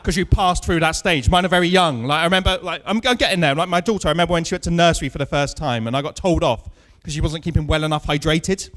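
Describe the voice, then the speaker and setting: A man's voice: a little high, quick pace, hardly any pauses, fairly bright tone. A man in his thirties doing a stand-up set on a comedy club stage, telling self-mocking stories and chatting with the crowd. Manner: dry, self-mocking storytelling with punchlines.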